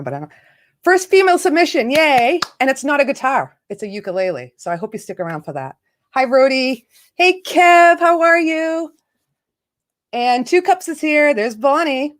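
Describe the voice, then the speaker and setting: A chatty woman hosts a casual livestream. Her voice sits a little high, and she greets viewers by name with quick laughs between the chatter. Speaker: livestream host. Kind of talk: casual live chat.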